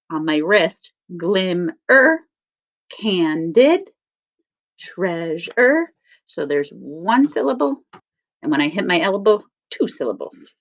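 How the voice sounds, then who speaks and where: A woman teacher reading a picture book aloud to children, stressing each word slowly in a sing-song way. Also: medium pitch, fairly bright tone. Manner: slow, sing-song emphasis on words. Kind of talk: read-aloud lesson for children. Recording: dull lo-fi sound.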